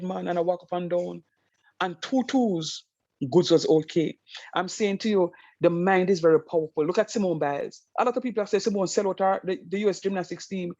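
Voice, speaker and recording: A man teaches math online, shifting from emphatic stories into steady explanation. His voice sits a bit high. The call audio is dry and dull, with a lo-fi edge. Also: moderate pace, no echo. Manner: animated storytelling, emphatic.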